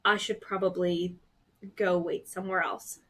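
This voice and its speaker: A woman's voice: lowish voice, flat delivery, normal speed, a crowd in the background, natural voice. A woman voicing a wary young human man who speaks in a subdued, reluctant way.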